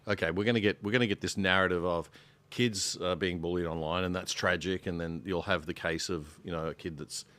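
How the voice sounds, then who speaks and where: A man on a discussion panel, speaking earnestly and growing heated, going quiet on grave points. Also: deep voice, steady tone, brisk, dry recording. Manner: earnest, heated, drops soft on sad points. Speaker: panel guest, show host.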